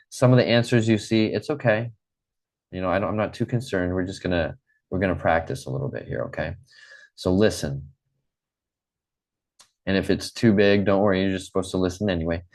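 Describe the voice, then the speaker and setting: Deep-voiced American man teaching English online. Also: fairly quick, darkish tone. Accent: General American. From Midwest United States. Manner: encouraging, repeats phrases, frequent ums.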